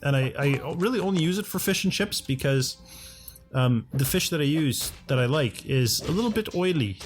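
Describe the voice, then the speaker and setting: A man's voice: on the high side, lively intonation, normal speed, faint music behind. A man giving casual, chatty commentary while playing a game at home, often talking to himself and his game characters. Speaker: let's play host. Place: home condo.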